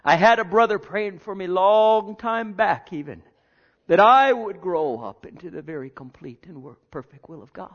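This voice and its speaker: A man preaching a sermon, reading scripture and then talking with big swings from loud declarations to hushed, almost whispered lines. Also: high-pitched, expressive, moderate pace. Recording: dull lo-fi sound.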